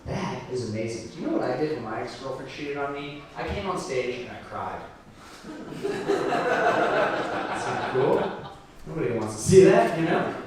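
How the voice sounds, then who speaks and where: A young man performing a stand-up comedy set in a club, with wry, self-deprecating delivery and quick crowd work. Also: on the high side. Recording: echoey club room from a distance with audience noise.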